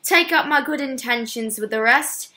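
Woman doing a fake english accent reading a poem, bright voice, punches every word. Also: high voice, normal speed. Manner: emphatic, stressing each listed word. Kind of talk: dramatic poetry recitation.

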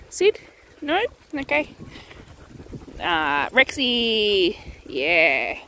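A woman's voice: mid-range voice, big pitch swings, slow, a bit bright, a little hiss or hum. A woman at a dog daycare talking in a sing-song way to the dogs, praising them one by one, with a light Australian accent. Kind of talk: casual talk to dogs.

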